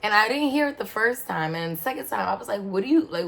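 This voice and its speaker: A woman telling a story in a casual, animated way, with slangy asides and sudden exclamations. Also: mid-range voice, quick pace, vocal fry, slight background noise. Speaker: vlogger. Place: indoor room in front of a backdrop.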